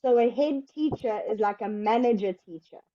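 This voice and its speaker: A woman teaching English one-on-one, explaining slowly and patiently. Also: fairly high pitch, mellow, no echo, dull audio. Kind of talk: one-on-one online English lesson.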